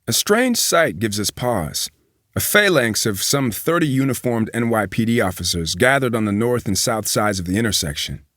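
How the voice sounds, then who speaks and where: A man reading a magazine profile aloud as a news reader, at a measured, even pace. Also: on the low side, dry recording, clean studio sound.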